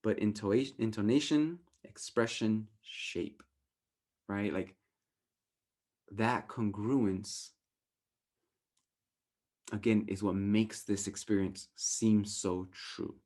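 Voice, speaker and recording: A man from Southern California with a fairly low voice, coaching a group in loose, animated talk. He tags points with "right?" and slips into playful raised voices when quoting thoughts. He swears casually and laughs at himself. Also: slow, long pauses. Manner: animated, often ends points with a questioning "right?"; acts out inner voices in raised, playful tones. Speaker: workshop facilitator.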